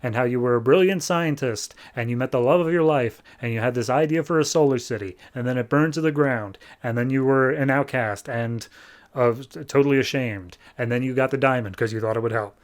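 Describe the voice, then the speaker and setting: A man's voice: medium pitch, a little fast, close to an everyday voice. A man voicing a laid-back, wheedling male shadow demon trapped in a diamond, retelling a comic. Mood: coaxing.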